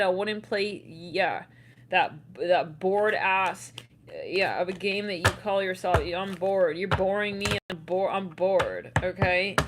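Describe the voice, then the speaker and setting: A woman giving a casual tarot reading, chatty and quick to laugh, with loose swearing. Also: mid-range voice, noisy background. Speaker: tarot reader.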